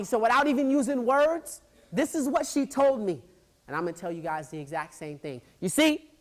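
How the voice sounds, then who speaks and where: A man giving a motivational speech at a high school assembly, acting out scenes with sound effects and quizzing the students. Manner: animated storyteller who acts out scenes, makes sound effects and quizzes the crowd. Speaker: motivational speaker.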